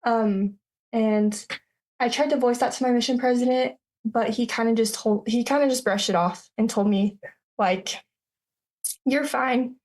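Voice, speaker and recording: A woman in her twenties recounting a personal story as a podcast guest, halting, with many fillers and restarts. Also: a little high, steady tone, a little mellow. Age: 20s.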